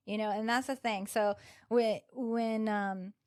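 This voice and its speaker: A woman's voice: a little high, fairly even intonation, unhurried, no echo, clean studio sound. A woman yoga instructor guesting on a podcast, explaining in a casual chatty way with many "like" and "you know" fillers. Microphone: podcast microphone.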